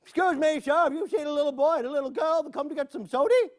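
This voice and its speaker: A storyteller puts on a very old grandpa who shuffles along. His voice is a little reedy and lifted, polite and quick. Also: extremely high pitch, voice pushed up.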